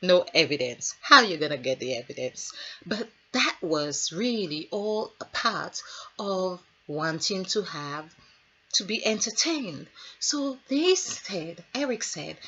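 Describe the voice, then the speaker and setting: Slow, rambling woman with a husky voice. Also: lowish voice, very animated, fairly bright tone. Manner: rambling and musing, with storytelling asides. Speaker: healer. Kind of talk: spiritual numerology talk. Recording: dull lo-fi recording.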